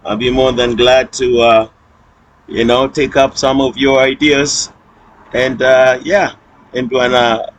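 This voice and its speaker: A man hosting a channel, signing off to viewers in a halting way full of fillers. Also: mid-range voice, a bit bright, poor audio. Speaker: host. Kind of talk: casual sign-off to viewers.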